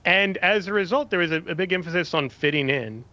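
A man from Kansas City, a radio guest, explaining in a quick, chatty way and laughing easily. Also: high voice, animated, bright, forceful tone, no room sound, lo-fi sound. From Kansas City, USA. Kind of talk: casual radio talk, explaining.

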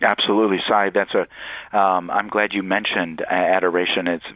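A man, a priest, explaining faith to callers on a radio show in an earnest, halting way. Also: sits low, flat delivery, no echo. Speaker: priest guest. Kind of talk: radio call-in teaching on faith. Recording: tinny phone line, dry.

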